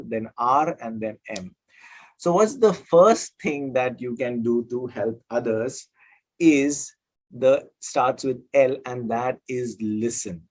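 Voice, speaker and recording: A man's voice: mid-range voice, poor audio. A man who works as a counselor tells a parable and then gives advice, talking with emphatic repetition and frequent hesitations. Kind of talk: storytelling and self-help talk.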